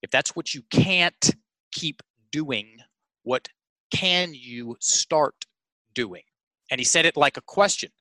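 A sales and mindset coach tells stories emphatically in a conversational interview, calling listeners "folks" and often restarting his sentences. His voice is on the high side, animated, pushed, and bright, and he speaks a little slowly. The recording is rough with no room sound.

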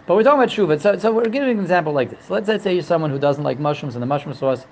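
A man's voice: on the high side, animated, rapid-fire, a little hiss or hum, low-quality recording. A man teaching a religious text, humorous and digressive, often repeating and restarting his phrases. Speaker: Torah teacher. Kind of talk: religious lesson.

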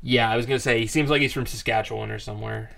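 A man co-hosting a casual sports podcast, opinionated and emphatic, and quick to laugh. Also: medium pitch, fairly even intonation, creaky, a bit bright. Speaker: podcast co-host.

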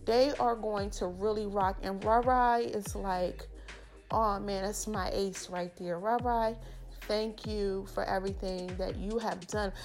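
A woman, hosting a podcast and giving casual, affectionate shout-outs in a chatty, slangy way. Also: mid-range voice, fairly even intonation, unhurried, faint music behind. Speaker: podcast host.

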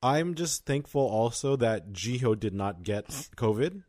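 A man's voice: mid-range voice, animated, unhurried, a little mellow, no echo, studio quality. A young man co-hosting a podcast, chatting casually with lots of fillers. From Los Angeles County. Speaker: podcast co-host. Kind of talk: casual chat.

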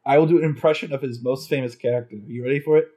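A man's voice: medium pitch, fairly even intonation, racing, mellow. A man co-hosting a podcast, bantering in a joking way and laughing often. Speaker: podcast co-host. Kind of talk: casual banter.

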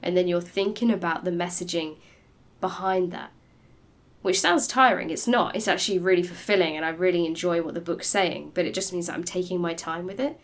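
A woman with a lowish voice chats about books on a podcast. She sounds animated and enthusiastic, and she laughs easily. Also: brisk. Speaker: podcast co-host. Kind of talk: casual book chat.

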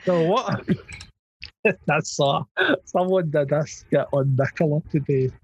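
A man's voice: a little high, takes it slowly, a little mellow, slightly rough. A Scottish man who works as a journalist co-hosting a crude, casual chat, giggling often and adding wry asides. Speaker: podcast co-host, journalist. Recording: muffled lo-fi audio.

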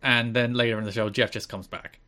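A man co-hosting a casual podcast, recapping wrestling events with deadpan asides. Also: medium pitch, brisk. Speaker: podcast co-host.

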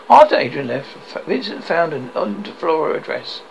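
A man's voice: fairly high pitch, big pitch swings, moderate pace, gravelly, few pauses, a little hiss or hum, low-quality recording. A man reading an extract from his own book aloud, telling the story steadily with occasional slips. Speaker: author and narrator.

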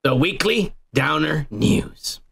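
A man's voice: a little high, expressive, slow pace, gravelly. A young man hosting a podcast, joking and rambling with lots of profanity. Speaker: podcast host. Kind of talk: casual crude podcast banter.

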